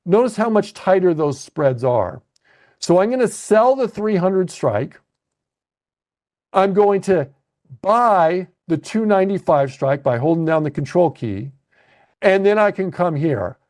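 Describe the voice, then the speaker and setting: A man with a high-pitched voice coaches a live webcast lesson on trading options. He talks his viewers through each step as he works on his screen, thinking aloud with small restarts and checks like "okay?". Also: animated, unhurried, darkish tone. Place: at a computer narrating a screen share.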